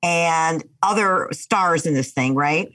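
An older woman, a mother co-hosting a casual family chat, telling stories in an animated way and laughing often. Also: deep voice, takes it slowly. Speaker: podcast co-host, mother.

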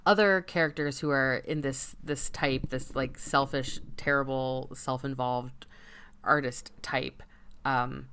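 A woman's voice: very deep voice, fairly bright tone, smooth. A woman co-hosting a casual chat, talking frankly and swearing freely. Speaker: podcast co-host.

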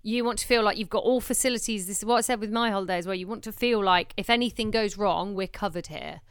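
A young woman from England talks in relaxed podcast chat, reassuring her co-host and tossing in quick asides. Her voice is smooth and clear at a middle pitch, recorded close and dry. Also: no echo. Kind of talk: casual chat.

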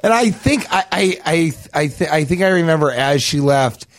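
A man telling a wild anecdote in casual chat, stammering and restarting, swearing freely and growing louder as the story builds. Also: normal speed. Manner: animated, stammering restarts, gets louder and higher as the story peaks.

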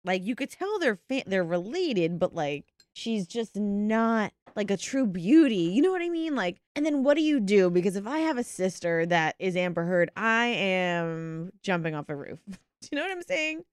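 A woman's voice: mid-range voice, big pitch swings, normal speed, few pauses, clean tone, no echo. Teasing woman co-host on a dry mic. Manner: teasing, blunt, laughs often. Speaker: podcast co-host. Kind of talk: casual comedic chat.

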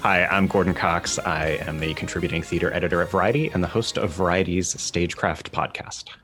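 Deep voiced guy hosting an interview podcast, long winding questions. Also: fairly even intonation, a little fast, fairly bright tone, faint music behind. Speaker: podcast host, theater editor.

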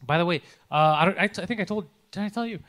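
Man, high bright voice, quick, profane storyteller, casual podcast chat. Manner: animated, profane, acts out quotes loudly. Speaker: podcast co-host, comedian.

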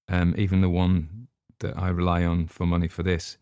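A man's voice: low-pitched, completely flat delivery, measured pace, mellow, smooth, no echo, clean studio sound. An older man hosting a podcast, chatting casually in a rambling, hesitant way with plenty of ums. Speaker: podcast host. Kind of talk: casual chat.

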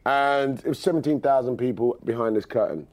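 An English man chatting as a guest on a studio podcast, an animated storyteller with a casual manner. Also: mid-range voice, fairly quick. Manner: animated storyteller who slips into quoted voices. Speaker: guest, actor. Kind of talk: casual chat. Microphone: studio microphone.

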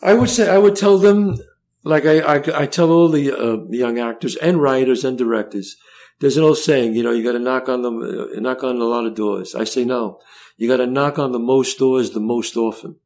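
A man's voice: medium pitch, normal speed. An older man telling stories in a conversational interview, acting out the dialogue as he goes and often repeating words. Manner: animated storyteller, acts out dialogue, repeats words. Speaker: guest.

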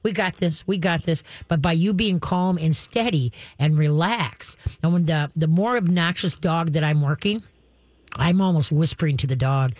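A woman dog trainer answers callers on a radio show in a dry, close recording. She explains leash handling step by step. She drops into a soft, low voice to act out calm commands to a dog. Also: normal speed, no echo. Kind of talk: call-in radio advice.

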